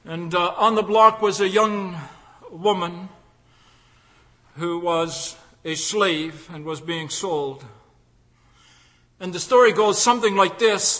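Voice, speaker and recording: High-voiced fervent male preacher. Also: in a large hall. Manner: fervent, swings from loud cries to hushed lines. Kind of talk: sermon with closing prayer.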